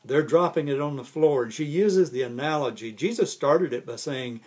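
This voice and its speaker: A man's voice: on the high side, moderate pace, few pauses, a little mellow, husky. A man pastor giving a casual, conversational Bible study, often restarting words and chuckling lightly as he explains.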